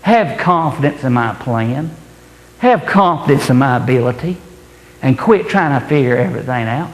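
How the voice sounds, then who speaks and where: A man's voice: mid-range voice, expressive, moderate pace, voice pushed down, close to an everyday voice. A man voicing God as a stern, fatherly male figure, blunt and plain-spoken, recorded in an echoey hall. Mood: calm. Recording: echoey hall, roomy reverb.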